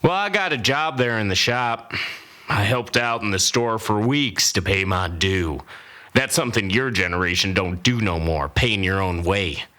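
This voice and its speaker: Old cowboy braggin' his tall tales, a guy doing the voice, folksy, kinda low and punchy. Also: expressive, moderate pace, bright, forceful tone. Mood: boastful. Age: older. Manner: folksy, boastful, rambling. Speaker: storyteller. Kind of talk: comic tall-tale narration.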